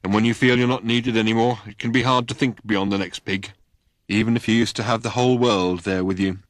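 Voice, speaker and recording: A man's voice: lowish voice, fairly even intonation, a little fast, no echo, studio quality, close to an everyday voice. A man voicing a gloomy, taciturn old male god who talks in terse, clipped phrases. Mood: grim.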